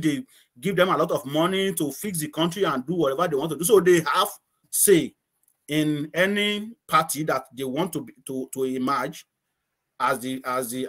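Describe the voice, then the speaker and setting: A man's voice: a little high, a bit bright. A middle-aged man from Nigeria, a guest chatting casually in an interview, rambling, repeating words and laughing often.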